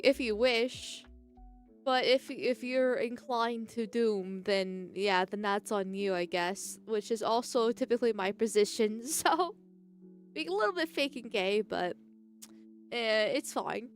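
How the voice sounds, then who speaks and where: A young woman chats loosely on a live stream, her voice sitting a little higher than most. She restarts sentences often and reads out chat messages. Faint music plays underneath. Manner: rambling, frequent restarts and laughs, reads chat aloud.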